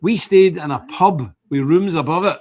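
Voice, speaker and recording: A man's voice: on the high side, moderate pace, a little mellow. An older man, hosting a livestream and talking to his viewers in an indignant, rambling way, repeating himself as he goes. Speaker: livestream host.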